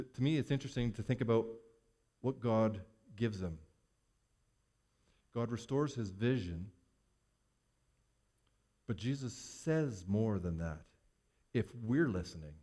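A man's voice: fairly low pitch, mellow. Preaching man asking rhetorical questions. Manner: preacher's rhythm, rhetorical questions, voices Bible figures in quotes. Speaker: pastor. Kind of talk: sermon.

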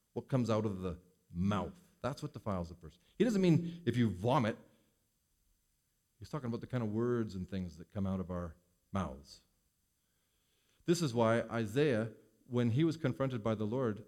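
A man preaching a sermon as pastor, swinging between loud emphasis and hushed asides. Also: on the low side.

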